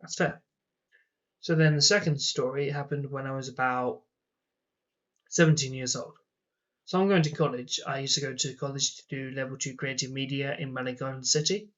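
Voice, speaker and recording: A man's voice: mid-range voice, steady tone, normal speed. A young man telling personal stories in a casual vlog, rambling and exasperated with many fillers. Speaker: vlogger. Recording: dull lo-fi sound.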